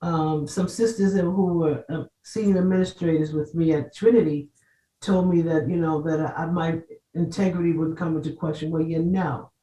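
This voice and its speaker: A woman's voice: deep voice, steady tone, normal speed, warm tone. An older woman guest in a casual panel chat, speaking firmly and emphatically as she tells stories from her own life. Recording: roomy sound, distant from the mic.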